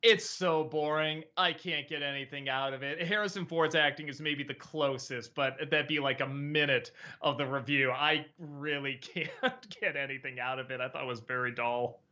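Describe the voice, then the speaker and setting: A man's voice: a little high, steady tone, normal speed, hardly any pauses, sharp tone, lo-fi sound. A man hosting a casual live-stream chat, answering viewer questions with many fillers, restarts and easy laughs.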